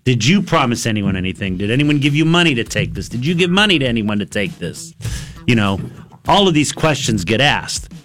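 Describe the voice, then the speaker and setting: A man, an attorney and regular on a radio show, telling stories in casual chat, animated and laughing often. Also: medium pitch, a little fast, soft background music. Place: radio studio. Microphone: studio microphone.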